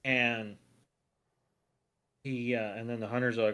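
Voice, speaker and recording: A man's voice: mid-range voice, steady tone, slow, pauses often, a bit bright, clean tone. A man co-hosting a podcast, chatting casually through a cartoon episode with fillers and asides. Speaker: podcast co-host.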